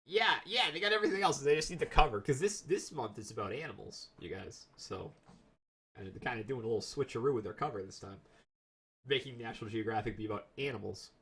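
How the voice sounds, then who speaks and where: A man giving casual, joking let's-play commentary, sarcastic and lively. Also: mid-range voice, quick pace. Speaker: streamer playing a game. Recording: mic sounds distant, game music behind.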